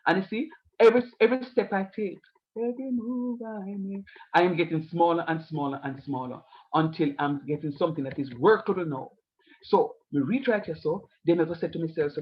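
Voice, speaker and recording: A man's voice: high voice, fast talker. Man teaching math with a lilt. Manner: patient, step-by-step explaining with playful asides. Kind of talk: online math lesson. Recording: lo-fi online class audio.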